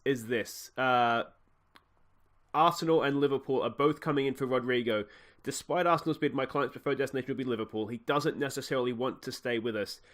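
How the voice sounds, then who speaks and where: An Australian man hosting a video game let's play, chatting casually and thinking aloud with frequent fillers. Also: on the high side.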